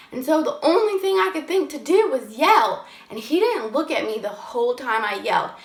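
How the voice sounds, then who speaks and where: Bright-voiced young woman telling a story. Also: a little high. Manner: chatty, fills every phrase with "like", swears casually. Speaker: vlogger telling ghost stories. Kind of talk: casual storytime chat. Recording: echoey room.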